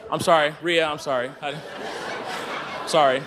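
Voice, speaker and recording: A man's voice: fairly high pitch, fairly even intonation, moderate pace, crowd noise, noisy background. A man giving a sermon as a church team speaker, telling stories with energy, laughing and raising his voice at the peaks.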